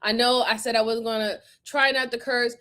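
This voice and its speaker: A woman's voice: on the high side, steady tone, normal speed, bright, forceful tone. A woman reacting to crime footage in a heated, emphatic way, cursing often and near tears with fury. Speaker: video commentator.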